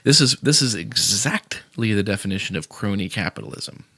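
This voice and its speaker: A man hosting a podcast speaks in a low register, circling his point with ums and restarts before landing it bluntly. The sound is dry and close on the mic, with no room around it. His tone stays sarcastic and opinionated. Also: animated, normal speed, bright, forceful tone, breathy edge, no room sound. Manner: rambling, many fillers and restarts. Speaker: podcast host. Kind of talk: casual opinionated chat.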